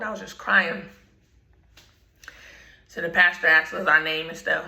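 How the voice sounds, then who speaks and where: A woman telling a personal story in slangy, laid-back storytime talk, often clearing her throat. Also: lowish voice, fairly even intonation, a little slow, pauses often, sharp tone, reverberant, poor audio. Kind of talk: casual storytime.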